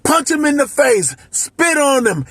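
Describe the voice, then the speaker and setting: A man in his fifties from Miami, a life coach, delivering an impassioned, profane, shouting monologue. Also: very high voice, sing-song, unhurried, creaky, no echo. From Miami, United States. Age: 50s. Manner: shouting, profane, emotional ranting.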